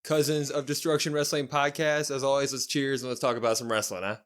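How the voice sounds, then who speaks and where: A man co-hosting a casual podcast, retelling events in an animated play-by-play way with loose slang. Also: medium pitch, fast. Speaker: podcast co-host. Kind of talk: casual chat recapping a wrestling show.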